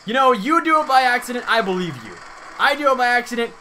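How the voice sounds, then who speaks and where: High, bright-voiced young man ribbing his co-player. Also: animated, a little hiss or hum. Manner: swearing, laughing, quick shouts at the game. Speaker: let's play co-host. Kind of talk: casual gaming commentary.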